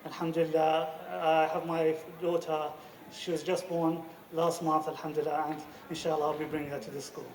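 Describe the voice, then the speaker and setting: A former student looks back on his school years in simple, unhurried sentences. His voice is fairly high and held flat, echoing in a big room and picked up from a distance. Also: heavy background noise. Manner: warm, plain reminiscing with religious greetings. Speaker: former student giving a speech. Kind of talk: reminiscing anniversary speech. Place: school event hall. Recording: echoey hall, speaker far from mic.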